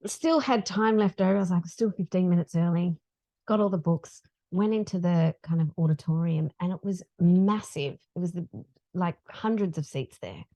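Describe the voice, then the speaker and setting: A middle-aged woman, a podcast guest telling a story in a casual, animated way. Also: on the low side, moderate pace. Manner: animated, acts out dialogue in her stories.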